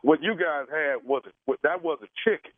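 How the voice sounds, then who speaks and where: A man's voice: a little high, normal speed, a little hiss or hum, close to an everyday voice. A man playing an apologetic caterer on a prank phone call, hesitant and stammering. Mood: sheepish. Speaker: prank caller. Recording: tinny dry phone line.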